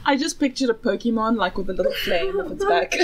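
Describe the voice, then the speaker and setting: A woman's voice: on the high side, a bit bright, a little hiss or hum, rough recording. A young woman from South Africa co-hosting a podcast in casual chat, giggly and self-deprecating. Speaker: podcast co-host.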